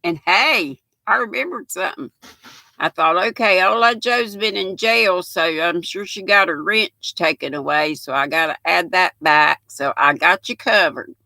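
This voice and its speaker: A woman's voice: on the low side, unhurried, vocal fry, bright, forceful tone, no room sound. A woman, hosting a casual live stream and chatting affectionately with viewers, calling them pet names like sweet pea and honey. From Southern United States.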